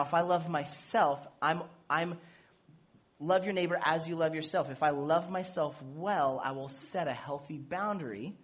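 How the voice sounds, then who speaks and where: A man preaching a sermon in a casual, animated way, acting out bits of dialogue and making playful asides. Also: fairly high pitch. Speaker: pastor.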